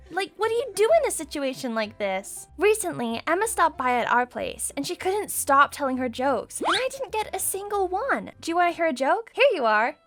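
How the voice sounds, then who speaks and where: Young woman telling an animated story, super high and bouncy, bright voice, dramatic and sarcastic, faint music under. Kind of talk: scripted animated story narration.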